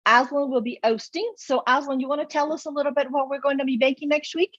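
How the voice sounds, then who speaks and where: A woman's voice: sits high, fairly even intonation, fast talker, fairly bright tone, no echo, lo-fi sound. A woman hosting a live cooking show from her kitchen, talking through her dish with small fillers. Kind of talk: casual cooking demo chat. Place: home kitchen.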